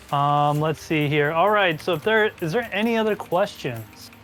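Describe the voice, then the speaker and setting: A man's voice: a little high, fairly bright tone. A man hosting a live stream, chatting casually with co-hosts and joking at his own expense. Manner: joking, self-deprecating.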